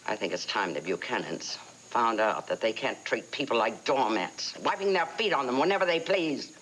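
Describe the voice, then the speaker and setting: A woman's voice: a bass voice, expressive, moderate pace, fairly bright tone, a little hiss or hum, poor audio. A vengeful grandmother. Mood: bitter, vengeful. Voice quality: bitter and vindictive. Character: vengeful older woman bent on ruining a rival family. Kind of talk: soap opera acting.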